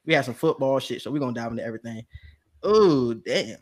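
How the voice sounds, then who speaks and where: A young man hosting a casual sports chat, animated and slangy, often laughing. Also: mid-range voice, fast. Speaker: podcast host.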